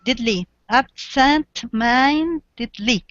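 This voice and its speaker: Female English learner, high voice, careful and slow repeats, muffled audio. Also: a bit bright. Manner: careful, repeats words slowly. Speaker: language student. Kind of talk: practicing words in class. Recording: dull lo-fi audio.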